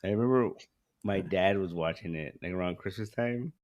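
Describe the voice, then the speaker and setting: A man co-hosting a podcast, relaxed and chatty, laughing easily. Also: low-pitched, moderate pace. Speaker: podcast co-host. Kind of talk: casual chat.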